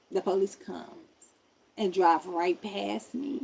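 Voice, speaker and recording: Animated woman telling a wild story. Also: mid-range voice, slow, creaky, long pauses. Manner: animated, slangy, addresses viewers directly. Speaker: streamer. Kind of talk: casual storytelling.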